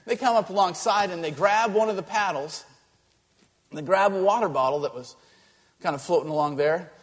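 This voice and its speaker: A male pastor telling a story in a sermon, animated and halting, with many restarts. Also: high-pitched, in a large hall.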